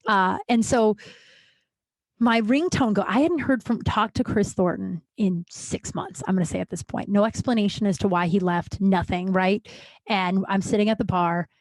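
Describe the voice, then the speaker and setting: A woman in the middle range of pitch hosts her own podcast and tells a personal story straight to the listener. She is chatty and casual, fills her sentences with "like", and briefly acts out the people she quotes. The recording is dry and close, with no room around her voice. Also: moderate pace, no echo. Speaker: podcast host.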